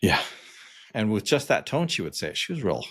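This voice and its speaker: A man's voice: fairly low pitch, sing-song, brisk, a bit bright, slightly rough. Chatty man telling stories, laughing often. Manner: storytelling with frequent laughs and fillers. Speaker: podcast co-host. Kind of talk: casual podcast chat.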